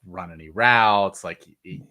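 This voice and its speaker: A man's voice: low voice, unhurried, pushed and bright. A man co-hosting a casual sports podcast, blunt and emphatic, with casual swearing. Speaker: podcast co-host.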